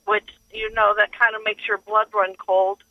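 A woman's voice: medium pitch, flat delivery, moderate pace, no room sound. A woman calls in to a radio show over a dull, muffled phone line. She tells her story earnestly and acts out the voices of the people in it. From northeastern Pennsylvania. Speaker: caller. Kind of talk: telling a story on a call-in show.

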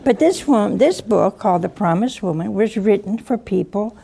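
An older woman giving a lively sermon, acting out voices from the story and chuckling often. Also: mid-range voice, normal speed, creaky, a crowd in the background. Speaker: preacher.

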